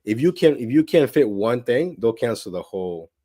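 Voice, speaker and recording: A man's voice: medium pitch, sing-song, normal speed, dark tone, no room sound, clean studio sound. A man who works as a gig delivery driver, chatting as a guest, rambling with lots of "like" and "you know". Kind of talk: casual interview chat.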